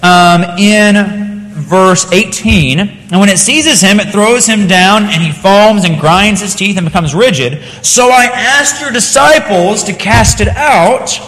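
A man's voice: high-pitched, slow, a bit bright. Earnest preacher man, reverberant hall. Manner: earnest, conversational with fillers, reads scripture aloud. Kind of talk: sermon.

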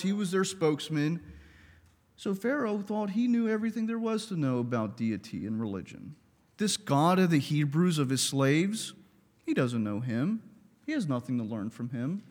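A man teaching a Bible lesson in a conversational, expressive way, with asides and light humor. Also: on the high side, in a large hall.

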